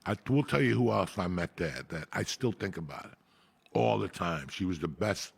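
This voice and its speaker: A raspy, gravelly man tells school stories full of swearing. His voice is husky and he often cracks up mid-story in a loose podcast chat. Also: low-pitched, moderate pace. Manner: raspy, profane, animated, breaks into laughter. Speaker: podcast host. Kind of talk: profane casual storytelling.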